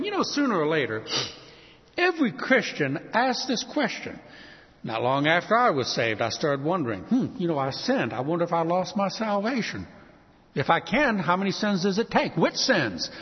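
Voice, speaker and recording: A man preaching a sermon, building emphatically on key words. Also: fairly high pitch. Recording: dull sound with long hall reverb.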